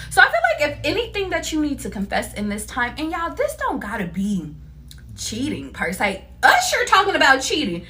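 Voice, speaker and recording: A woman giving a casual tarot reading to her viewers, animated, laughing often and cursing freely. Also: sits high, moderate pace. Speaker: tarot reader.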